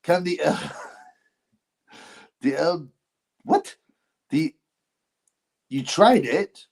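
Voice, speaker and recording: A middle-aged man from England hosting a casual livestream, reading viewer comments in a rambling, animated way with frequent restarts. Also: fairly high pitch, drawn-out words, gravelly. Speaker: livestream host.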